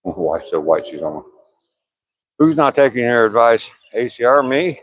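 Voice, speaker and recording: A man's voice: medium pitch, big pitch swings, moderate pace, no echo, lo-fi sound. An older man talking casually on a live stream while out walking outdoors, joking and laughing at his own remarks. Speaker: vlogger live streaming a walk.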